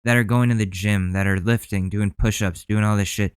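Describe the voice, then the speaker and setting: A man's voice: on the low side, fairly even intonation, a little fast, clean tone, no echo. A male podcast host ranting heatedly in profane commentary.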